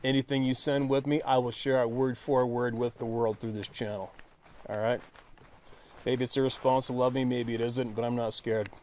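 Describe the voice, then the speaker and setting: A man's voice: medium pitch, little pitch movement, normal speed, darkish tone, a little hiss or hum. A man hosting his own channel, talking straight to viewers in a blunt, frustrated way, with some swearing. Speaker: channel host. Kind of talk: casual monologue to viewers.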